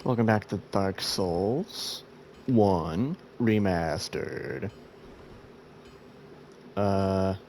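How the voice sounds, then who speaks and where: A sleepy gameplay host, just out of bed, rambles through his let's-play with self-mocking commentary. His voice sits low and darkish, moving extremely slowly with frequent pauses, over a little hiss or hum.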